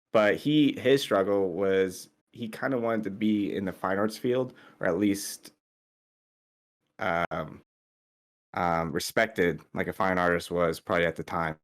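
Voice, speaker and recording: A man talking as a guest artist in a casual interview over a call, halting with many fillers and restarts. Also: low-pitched, fairly bright tone, smooth. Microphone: remote call audio.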